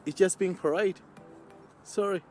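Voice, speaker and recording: A man from Africa narrating a video, listing his points one by one in a measured way. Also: high voice, fairly even intonation, darkish tone, soft background music. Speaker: YouTuber.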